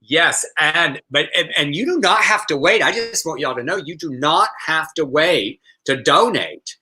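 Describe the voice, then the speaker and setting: Bright-voiced man chatting. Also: on the high side, animated, a little slow, breathy edge, low-quality recording. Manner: chatty, with frequent restarts. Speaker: talk show co-host. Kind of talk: casual live-stream chat.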